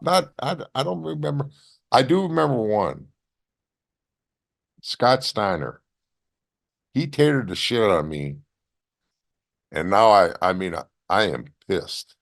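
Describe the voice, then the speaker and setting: A man, a former wrestler as interview guest, telling animated stories with blunt profanity. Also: fairly low pitch, a little slow, vocal fry, long pauses. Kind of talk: casual storytelling interview.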